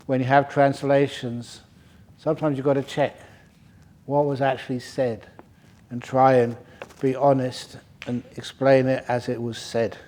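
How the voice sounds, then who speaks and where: A man, a Buddhist monk, giving a relaxed, joking Dharma talk to a retreat group. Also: medium pitch. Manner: relaxed, joking and digressive, with laughter. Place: retreat centre hall.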